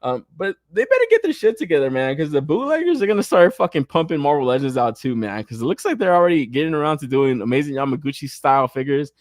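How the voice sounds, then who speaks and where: A man's voice: a little high, fast, hardly any pauses, no echo, studio quality. A young man hosting a toy collecting podcast in casual, profane chat, often laughing and ranting. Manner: profane, animated, frequent laughter.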